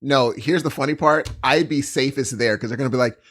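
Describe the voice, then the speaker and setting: A man co-hosting a podcast in casual chat, excitable and emphatic, laughing often. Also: mid-range voice, a little fast. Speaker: podcast co-host.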